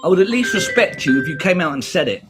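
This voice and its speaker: A man's voice: on the high side, expressive, fast talker, music in the background. A young British man with a combative, profane manner, ranting back at viewers on a stream and repeating his points.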